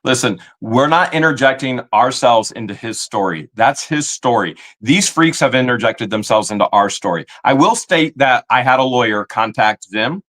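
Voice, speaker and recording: A man's voice: medium pitch, expressive, normal speed, few pauses, fairly bright tone. A man co-hosting a live stream, indignantly scolding people in his chat. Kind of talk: heated live-stream rant.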